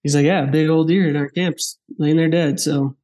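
A man from Wyoming tells a hunting story in a loose, lively way, laughing often and voicing the people he met. His voice sits a little higher than most men's. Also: normal speed. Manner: animated, laughing, acts out dialogue. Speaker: podcast guest. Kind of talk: casual storytelling.

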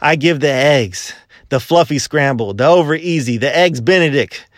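A preacher voicing a nervous boastful chicken. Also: male voice, a little high, animated, normal speed, dry recording, clean studio sound, lightly acted. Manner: boastful, listing eagerly. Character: nervous male chicken bragging about eggs.

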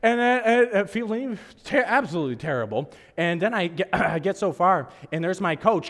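A hoarse man preaching a sermon, telling a story in an animated, self-mocking way and laughing often. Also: sits high, normal speed, few pauses. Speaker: pastor. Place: church service hall. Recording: echoey hall reverb.

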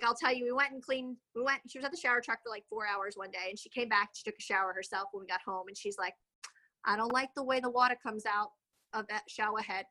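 A woman's voice: fairly high pitch, pushed and bright, low-quality recording. A woman in her thirties, a real estate agent guest, talking casually in an interview, chatty and rambling with many fillers.

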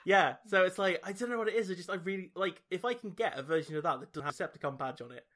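Bright-voiced man hosting. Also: high voice, racing. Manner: rambling, laughs often, many fillers. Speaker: podcast host. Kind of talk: casual chat.

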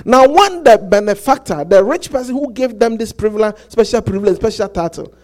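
A high-voiced man preaching to his congregation. He talks in halting bursts with many restarts and keeps asking whether they get it. The telling is animated and insistent. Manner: repetitive, asks the congregation "Do you get it?". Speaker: pastor. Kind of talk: sermon.

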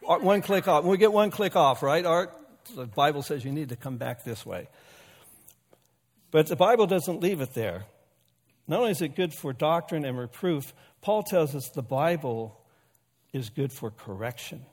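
A pastor delivers a sermon in a church sanctuary, his voice on the high side, expressive, and moderately paced. The hall is reverberant, and his folksy, conversational style mixes humor with asides to the congregation.

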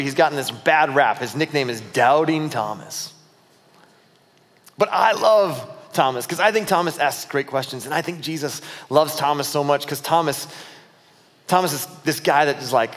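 A man preaching a sermon as pastor, retelling scripture in a lively storytelling way and acting out the disciples' voices. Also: a little high, brisk, in a large hall. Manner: storytelling, acts out dialogue of disciples. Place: church auditorium.

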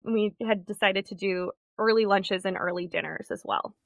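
A woman's voice: medium pitch, moderate pace, gravelly, no echo. A young woman, a podcast guest, chatting casually and telling a travel story with frequent laughs. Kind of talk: casual chat.

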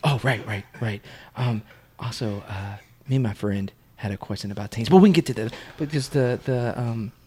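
A man's voice: mid-range voice, normal speed, a little mellow, slightly rough. A man calling in, eager and stammering, giggling as he asks for requests. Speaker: caller. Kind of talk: comedy sketch.

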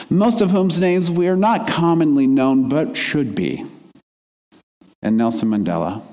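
A man's voice: mid-range voice, warm tone, long reverb tail. A man delivering a sermon in an earnest, reflective way, his emphasis rising and falling as he makes his points. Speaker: minister.

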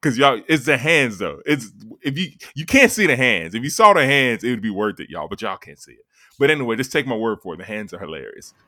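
A man hosting a sports podcast in casual chat, emphatic and quick to laugh. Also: medium pitch, no echo, clean studio sound. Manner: animated, emphatic, laughs easily.

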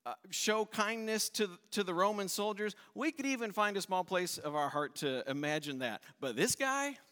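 Pastor, man, slightly high voice, casual sermon delivery that acts out its quotes, church hall reverb. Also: lively intonation, moderate pace, pushed and bright, clean tone. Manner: conversational, acts out quotes with shifts in pitch and volume.

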